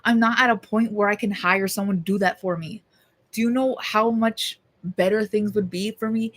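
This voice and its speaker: A woman's voice: on the high side, normal speed, fairly bright tone. Young woman, casual vlog chat, rambling, swearing, self-mocking, phone camera. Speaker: vlogger.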